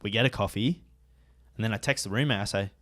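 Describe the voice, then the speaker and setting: Low-voiced young Australian man. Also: fast, fairly bright tone. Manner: storytelling, emphatic complaining. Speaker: podcast co-host. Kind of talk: casual chat.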